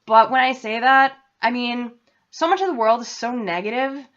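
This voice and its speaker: A woman's voice: a little high, normal speed, fairly bright tone. A young woman from New England chatting casually to her vlog audience, rambling and interrupting herself. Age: young adult. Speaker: vlogger. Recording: dull lo-fi home recording.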